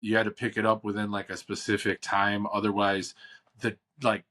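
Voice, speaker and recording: Laid-back low-voiced podcast host. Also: male voice, moderate pace. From Chicago. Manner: relaxed, slangy, rambling. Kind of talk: casual podcast chat.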